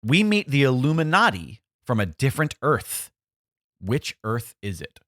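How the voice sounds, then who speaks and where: Male podcast quizmaster, teasing and playful, animated delivery, dry mic. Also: mid-range voice, normal speed, dry recording. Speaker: quiz host. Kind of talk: casual podcast quiz.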